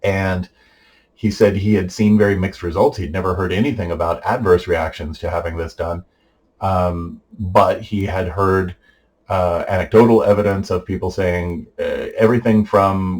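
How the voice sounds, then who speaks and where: A man's voice: sits low, fairly even intonation, normal speed, darkish tone, rough recording. A middle-aged man giving a casual personal update, rambling with many fillers and restarts. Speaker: vlogger giving a family update.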